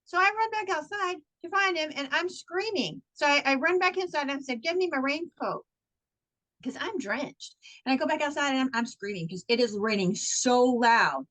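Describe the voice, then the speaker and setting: Co-host, woman with a Texan accent, high voice, animated storyteller who mimics everyone she quotes. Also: normal speed, hardly any pauses, low-quality recording. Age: adult, married. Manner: animated, acts out quotes with big pitch jumps. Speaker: podcast co-host. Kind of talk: casual chat, animated storytelling.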